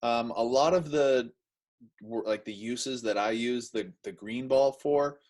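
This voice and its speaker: A man chatting casually as he explains and demonstrates arm training drills, with relaxed everyday examples. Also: mid-range voice, unhurried, rough recording. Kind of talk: casual instructional chat.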